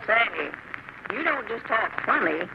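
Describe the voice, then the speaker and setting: A woman's voice: on the high side, animated, a little slow, lo-fi sound. An actress playing a brash, bossy country woman who teases in a drawling rural dialect, in 1940s radio acting. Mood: teasing. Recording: hissy old radio broadcast.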